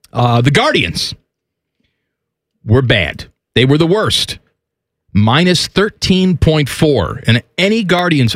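Deadpan male sports talk host. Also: medium pitch, no room sound, clean studio sound. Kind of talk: casual sports talk, reading stats.

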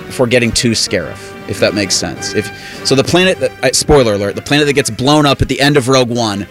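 A man in easy chat, running through explanations eagerly and quickly. His voice sits at a middling pitch, with faint music behind him. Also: expressive, fairly bright tone. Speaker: show regular, film fan. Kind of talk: casual chat.

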